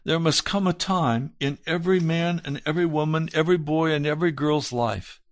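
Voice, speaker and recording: A pastor preaches a sermon, reading aloud in an earnest, measured manner and dropping soft and low for emphasis. The recording is studio quality with no room sound.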